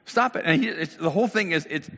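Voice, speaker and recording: Middle-aged man, pastor, casual sermon, slightly high gravelly voice, church hall echo. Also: quick pace, fairly bright tone. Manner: casual, talks directly to the congregation. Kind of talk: conversational sermon.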